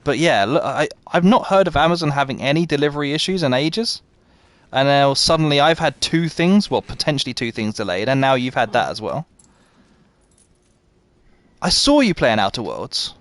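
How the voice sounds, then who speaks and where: A man's voice: mid-range voice, animated, moderate pace, no room sound. A man livestreaming a game, chatting with his viewers and laughing at himself. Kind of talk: live gameplay chat.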